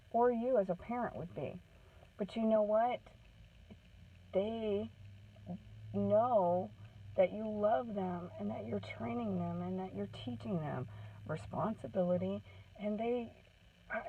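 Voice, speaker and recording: Woman, parenting advocate, casual earnest advice, checks in with listeners, distant tinny sound. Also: mid-range voice. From Maine. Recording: tinny phone-like sound from off the mic.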